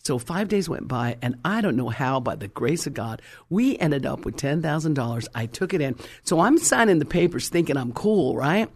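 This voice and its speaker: A woman preacher telling her testimony in a sermon, animated and fervent, acting out the people in her story. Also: low-pitched, normal speed, hardly any pauses, slightly rough. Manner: fervent, exclamatory.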